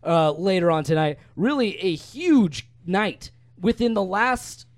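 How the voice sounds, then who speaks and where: A young male sports radio host talking live from a dry studio. His voice sits a bit high, and he recaps the game briskly, full of scores and stats. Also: expressive, no echo. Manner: brisk, stat-heavy play-by-play recap.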